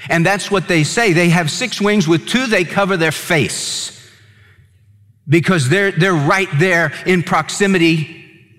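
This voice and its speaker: A pastor preaching in an emphatic way, leaning on repeated words to drive his point home. His voice sits a little high for a man. The sound has a long reverb, as if it was recorded in a large hall. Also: fairly bright tone. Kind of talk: sermon.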